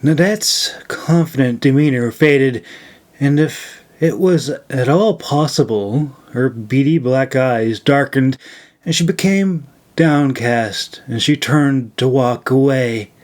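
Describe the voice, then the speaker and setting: A man reading his own fantasy novel aloud as narrator, slow and measured. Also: medium pitch, a little mellow. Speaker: author and narrator. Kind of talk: audiobook narration.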